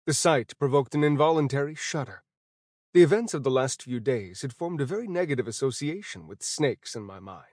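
A man narrating a first-person fantasy audiobook in a steady, even storytelling voice. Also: medium pitch, fairly quick, no room sound, studio quality.

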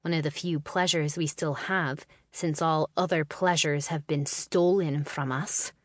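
A woman voicing a sharp-tongued, defiant young noblewoman in a storybook reading. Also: low voice, steady tone, no room sound, studio quality. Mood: defiant, mocking. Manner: scornful, quick, mocking.

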